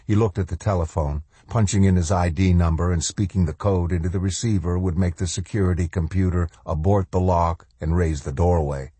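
A man narrating an audiobook in a measured, steady storytelling manner. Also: low voice, slightly rough, no echo. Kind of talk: scripted narration.

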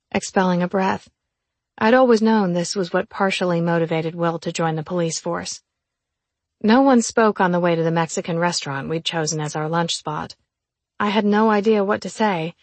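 A woman narrating a first-person novel as an audiobook, in an even, measured reading. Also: mid-range voice, no echo.

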